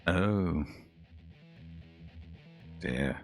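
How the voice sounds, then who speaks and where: A male game streamer chats casually and reads out review scores with dry asides. His voice sits very low and rough with vocal fry. Soft music plays faintly underneath. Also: lively intonation, extremely slow. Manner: chatty, reads aloud and comments dryly.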